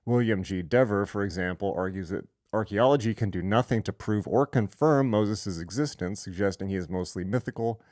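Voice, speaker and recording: A man hosts a live online lecture, reading sources aloud and interrupting himself with irreverent, sarcastic remarks. His voice sits low and slightly mellow, recorded clean in a studio with no room sound.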